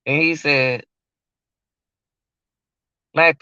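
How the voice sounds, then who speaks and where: A man's voice: a little high, slow, long pauses, sharp tone, no room sound, dull audio. Emotional man commenting to viewers. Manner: emotional, repetitive, addressing viewers as y'all. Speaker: livestream commentator. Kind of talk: casual livestream commentary.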